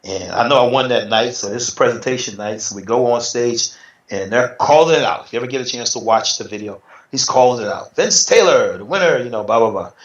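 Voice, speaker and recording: Brief: man, middle-aged, relaxed storyteller who voices other people's lines, roomy slightly dull recording. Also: mid-range voice, brisk. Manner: animated, acts out quotes in other voices. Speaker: interview guest, retired bodybuilder. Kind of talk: casual storytelling.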